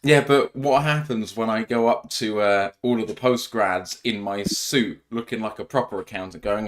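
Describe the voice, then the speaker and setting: A man's voice: lowish voice, normal speed, hardly any pauses. A young man hosting a casual podcast, chatting and joking about himself with frequent laughs. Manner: laughing, self-deprecating banter. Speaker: podcast host. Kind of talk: casual live podcast chat.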